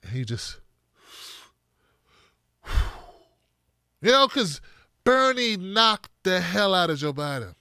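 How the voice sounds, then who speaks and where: A male host doing comedic political commentary in an animated, riffing manner. His voice is fairly high and bright. The recording is close and dry. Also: takes it slowly, long pauses, smooth, dry recording. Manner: animated, riffing, exaggerated jokes.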